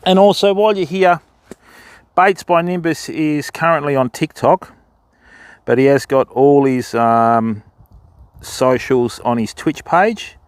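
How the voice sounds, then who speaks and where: A man's voice: on the high side, slow pace, clean tone, no echo. A man, streaming live while fishing on a river and chatting with his viewers in a casual, laid-back way. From Australia. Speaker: fishing livestreamer. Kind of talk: casual livestream chat. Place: outdoors by a river. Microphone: phone.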